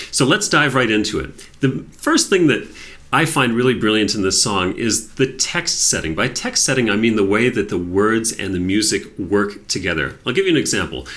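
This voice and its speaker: Enthusiastic male piano teacher, lively voice. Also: on the low side. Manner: enthusiastic explaining, demonstrating at the piano. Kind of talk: piano tutorial. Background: piano playing.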